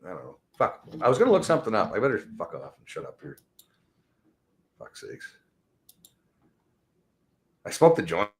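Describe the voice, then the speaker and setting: A man's voice: low-pitched, wildly swooping pitch, normal speed, long pauses. A middle-aged man ranting in casual chat, profane and rambling, laughing as he talks. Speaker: podcast host.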